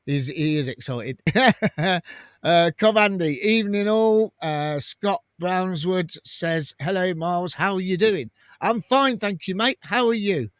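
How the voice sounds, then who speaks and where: Man, fairly high voice, chatty host, reads comments aloud, laughs often, dry close sound. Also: expressive, unhurried, no room sound. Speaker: fan channel host. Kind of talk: casual live-stream chat reading comments.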